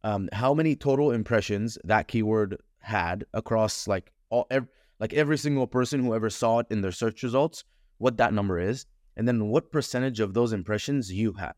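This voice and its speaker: Frank, animated man, low voice. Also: moderate pace, dry recording, clean studio sound. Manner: animated, frank, swears casually, many fillers. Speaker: podcast guest, advertising consultant. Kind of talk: casual conversational interview.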